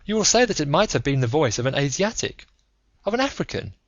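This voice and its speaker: A man voicing a calm, analytical male detective who lectures in a measured, methodical way, in an audiobook reading with a dull, dry sound. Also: fairly high pitch, dry recording. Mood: lecturing.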